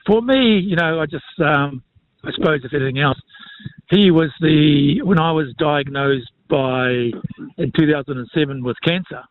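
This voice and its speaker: A man, a former rugby player speaking reflectively and haltingly in an interview. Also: on the high side. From New Zealand. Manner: reflective, halting, many fillers. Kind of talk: casual interview. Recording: phone-like thin sound.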